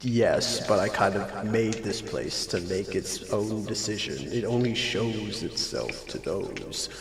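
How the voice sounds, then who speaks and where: A man voicing an aloof dark male god who speaks in a grand, dramatic way through an echo effect. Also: fairly low pitch, animated. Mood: lofty. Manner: grandly dramatic, drawn-out speech. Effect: echo reverb effect on the voice. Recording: echoey reverb with faint noise.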